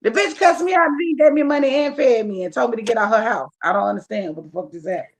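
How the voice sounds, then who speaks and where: A woman's voice: fairly high pitch, fast, slight background noise. A woman comedian, a guest on a podcast, talking in a casual, emphatic and profane way and often checking in with "you feel me".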